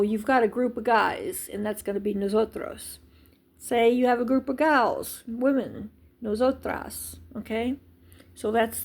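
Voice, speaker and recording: A woman giving a casual language lesson, patient and unhurried, with many ums and small restarts as she explains. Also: a little high, vocal fry, darkish tone. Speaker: language teacher.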